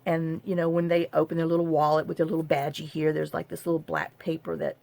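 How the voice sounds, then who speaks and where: A craft vlogger talks straight to the camera in a casual, rambling way, repeatedly interrupting herself and tossing in dry, half-joking asides. Her low voice has a rough, gravelly edge, and she speaks fast with a flat delivery and a dark tone.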